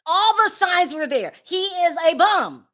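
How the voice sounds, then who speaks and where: A woman's voice: very high-pitched, very animated, unhurried, fairly bright tone. A woman hosting a celebrity gossip show in casual commentary, blunt, sassy and dismissive.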